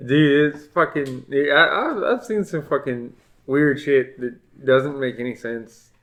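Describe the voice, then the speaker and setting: A man's voice: medium pitch, a little slow, a bit bright. A man chatting casually on a podcast, blunt and jokey, swearing freely. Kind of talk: casual chat.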